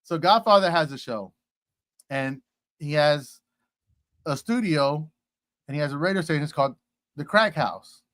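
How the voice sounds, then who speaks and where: A man's voice: on the high side, expressive, normal speed, long pauses, fairly bright tone, no room sound. A man from Texas, a guest on a casual interview, telling rambling stories full of fillers and playful asides. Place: at home in Houston.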